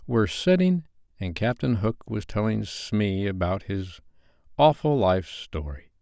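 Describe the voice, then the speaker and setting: Man reading a bedtime story, low calm voice, dry recording. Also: no room sound.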